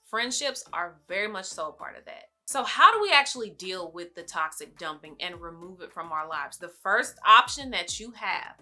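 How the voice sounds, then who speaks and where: A woman's voice: on the low side, expressive, normal speed, few pauses, bright, forceful tone. A young woman vlogger giving casual advice straight to her viewers, chatty and familiar, calling them y'all and baby. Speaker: lifestyle vlogger. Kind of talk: casual advice talk to camera.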